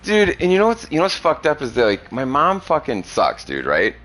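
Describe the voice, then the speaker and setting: A man's voice: a little high, huge pitch swings, a little fast, a bit bright, faint music behind. A young man streaming, chatting casually with a young viewer, crude and profane, rambling and laughing often. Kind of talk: casual chat.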